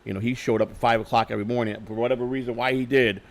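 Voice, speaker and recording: A middle-aged man telling stories in a candid interview, swearing freely, repeating and restarting his words, and getting louder when he retells arguments. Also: medium pitch, flat delivery, very fast. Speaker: interview guest. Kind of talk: candid conversational storytelling.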